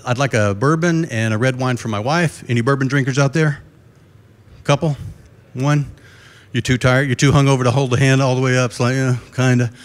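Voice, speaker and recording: A middle-aged man giving a live conference keynote, telling folksy jokes and putting questions to the crowd. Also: medium pitch. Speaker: keynote speaker. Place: conference stage before a live audience.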